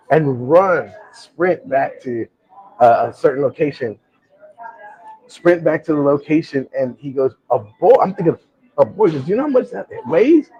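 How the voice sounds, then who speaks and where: A man's voice: on the high side, darkish tone, breathy edge, dry recording, dull audio. A middle-aged man hosting a live talk show, telling a personal story in a rambling, heartfelt way with many restarts. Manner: rambling, repeats words and restarts, emotional. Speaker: host. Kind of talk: casual storytelling chat.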